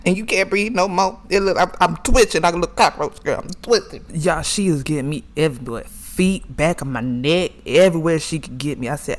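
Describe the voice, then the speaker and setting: Animated, profane storyteller man. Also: fairly high pitch, brisk, few pauses. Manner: animated, profane, calls listeners girl and y'all. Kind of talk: comedic personal storytelling.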